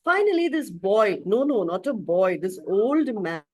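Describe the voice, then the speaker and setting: A woman spiritual teacher telling a story to her class in an expressive way, often clearing her throat. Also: medium pitch, a little slow. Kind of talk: storytelling talk.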